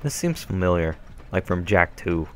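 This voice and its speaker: Low-voiced, rambling young gamer. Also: male voice, lively intonation, moderate pace, slight background noise. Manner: rambling, self-deprecating. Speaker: gameplay commentator. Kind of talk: casual let's-play commentary. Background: faint game music.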